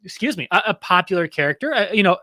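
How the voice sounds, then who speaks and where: Man, high bright voice, dry close sound, chatty trivia host. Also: lively intonation, no room sound. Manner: chatty, laughing, reading questions slowly. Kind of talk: casual podcast chat.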